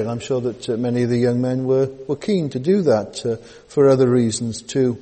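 Halting preacher in an echoing hall. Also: male voice, mid-range voice, mellow. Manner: halting, many fillers and repeated words, folksy asides. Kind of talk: sermon. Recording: long hall reverb.

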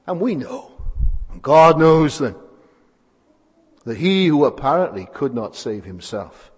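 A man's voice: mid-range voice, a little mellow, husky. A man preaching a sermon, asking rhetorical tag questions and repeating phrases for emphasis. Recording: hall with long reverb.

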